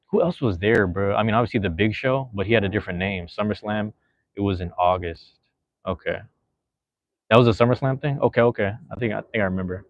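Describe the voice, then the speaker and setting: A man's voice: on the low side, no echo, muffled recording. A man, hosting a podcast in a loose, rambling chat full of slang and fillers. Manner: laid-back, slangy, rambling with frequent fillers. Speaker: podcast host. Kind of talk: casual chat reading live chat.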